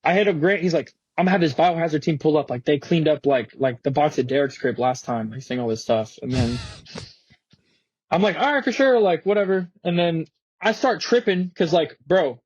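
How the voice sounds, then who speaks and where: Young male skater guest, husky, slangy storyteller, dull dry studio audio. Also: fairly high pitch, moderate pace, no echo. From Florida. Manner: slangy, animated, swearing, many fillers. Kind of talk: casual storytelling.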